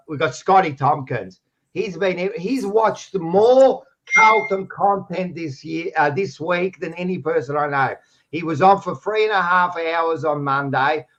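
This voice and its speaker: An Australian man hosting a sports podcast, loud and teasing, swearing freely in casual banter. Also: a little high, dull audio. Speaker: podcast host.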